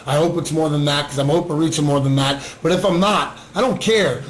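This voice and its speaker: A man's voice: a little high, brisk, roomy sound, a little hiss or hum, poor audio. A man and recovering addict sharing his story in an earnest livestream monologue, often asking "right?". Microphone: webcam or phone on a screen.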